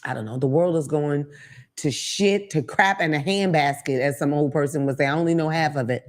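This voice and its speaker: A woman with a low, deep speaking voice hosts her own talk show. She riffs loosely and bluntly, cursing freely as she tells stories to her listeners. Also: brisk. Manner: blunt, profane, animated storytelling. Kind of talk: casual comedic monologue.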